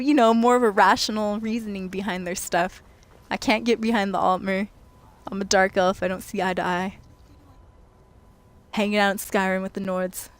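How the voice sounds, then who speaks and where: A young adult woman streaming a video game late at night, chatting and giggling with her viewers as she plays. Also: medium pitch. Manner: chatty and giggly, talking to chat while playing. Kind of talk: casual late-night gaming livestream chat.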